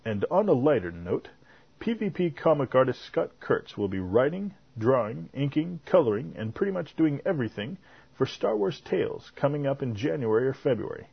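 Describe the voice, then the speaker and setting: A man with a husky voice hosting a fan podcast, reading the news in a chatty way and fumbling his clips now and then. The audio is dry and slightly muffled. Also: mid-range voice, sing-song, moderate pace, dry recording. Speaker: podcast host.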